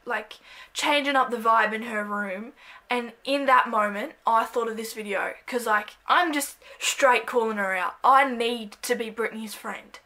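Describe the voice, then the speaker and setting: Aussie girl doing a jokey vlog bit, high bright voice, goofy and self-deprecating. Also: measured pace. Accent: Australian. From Australia. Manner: playful, self-mocking, jumps into loud bursts. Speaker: vlogger. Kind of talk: comedic scripted monologue to camera.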